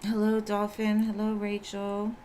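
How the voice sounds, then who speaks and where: Woman, tarot reader, scratchy voice, slow easy pace, chatty live-stream greetings. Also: medium pitch, monotone, mellow. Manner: chatty, greets viewers one by one. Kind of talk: casual live-stream chat.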